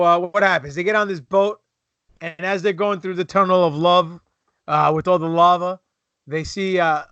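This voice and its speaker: A man co-hosting a podcast, retelling scenes in animated, profane casual chat. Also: fairly high pitch, clear, resonant tone, muffled recording. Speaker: podcast co-host.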